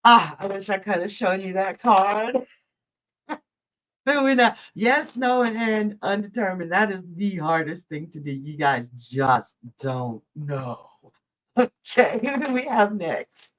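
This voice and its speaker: A woman hosts a live tarot stream, talking slowly and chattily as she answers viewers' questions. The audio is dull and lo-fi, like a home stream mic. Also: mid-range voice, lively intonation. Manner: chatty, laughs often, reads viewers' questions aloud. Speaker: psychic livestream host.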